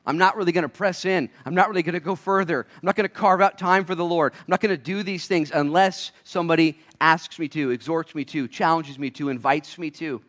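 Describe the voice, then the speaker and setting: A man preaching a sermon as a pastor, acting out little voices, swinging between loud shouts and quiet asides. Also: on the high side, fairly quick, hardly any pauses.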